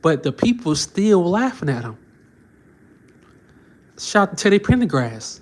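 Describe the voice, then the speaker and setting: A man's voice: high voice, big pitch swings, unhurried, pauses often. A man giving casual reaction commentary, mocking and slangy, often laughing. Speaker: reaction channel host.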